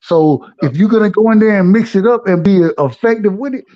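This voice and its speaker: High-voiced man with loose streetwise talk. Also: fairly quick. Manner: loose, streetwise slang, frequent restarts. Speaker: regular guest. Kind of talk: casual live-stream chat. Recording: dull lo-fi audio.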